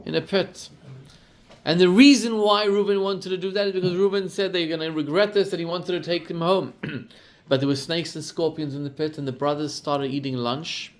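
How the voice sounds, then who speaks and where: Male rabbi, slightly high voice, animated sermon storyteller. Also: normal speed. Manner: animated storyteller, acts out quotes with rising pitch and volume.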